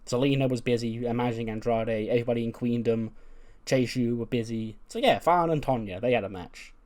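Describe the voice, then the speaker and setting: A man chats through his wrestling sim playthrough with self-mocking asides. His voice sits at an ordinary middle pitch. The delivery is loose and conversational. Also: a little fast, darkish tone. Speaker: streamer. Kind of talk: casual game commentary.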